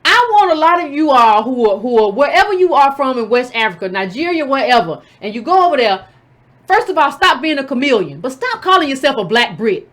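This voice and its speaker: A woman's voice: sits high, big pitch swings, a little fast, a bit bright. A woman hosting a commentary show, scolding and combative, often repeating herself. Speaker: political commentator and show host. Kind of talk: casual direct-to-camera commentary.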